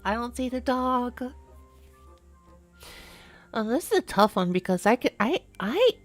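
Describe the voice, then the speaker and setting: A woman's voice: a little high, sing-song, measured pace, soft background music. Giggly rambling woman streamer. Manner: rambling, giggly, restarts often. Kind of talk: casual live-stream chat.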